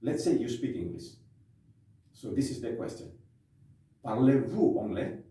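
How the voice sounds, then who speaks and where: A man teaching a language lesson at a whiteboard in a classroom, drilling phrases slowly and often checking "okay?". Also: mid-range voice, animated, warm tone. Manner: slow, repetitive drilling with frequent "okay?" checks. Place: classroom with a board. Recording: echoey room, mic far off.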